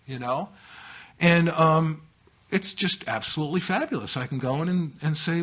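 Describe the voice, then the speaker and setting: A middle-aged man speaking to a recovery meeting, telling his story candidly and mocking himself, with sudden animated bursts. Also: on the high side, normal speed. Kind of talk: personal testimony talk to a live meeting.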